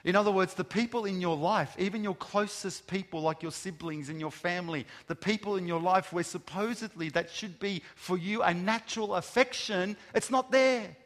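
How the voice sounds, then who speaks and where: A man's voice: high voice, fairly bright tone. Preaching man in a reverberant hall. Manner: emphatic, rhetorical questions, slow stressed lists of words. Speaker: pastor. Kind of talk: sermon. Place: large room with an audience. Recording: long reverb of a large hall.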